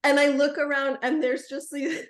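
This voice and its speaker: A woman with a fairly high voice recounts a story from her practice in an animated, frank way, often breaking into laughter. Her voice carries a noticeable echo from the room. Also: normal speed. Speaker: chiropractor. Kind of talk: casual storytelling among colleagues.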